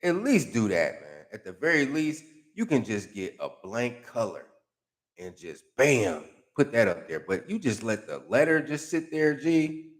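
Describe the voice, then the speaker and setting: A male YouTuber with a medium-pitched voice reads comments out loud a little slowly, mocking them in a loose, profane style packed with slang and sarcastic energy.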